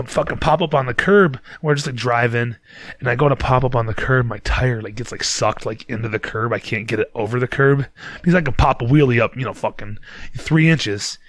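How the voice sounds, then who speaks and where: Swearing podcast guy rambling through a story, laughs at himself, mid pitch, dry close mic. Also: fairly quick, no room sound. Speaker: podcast host. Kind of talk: casual storytelling monologue.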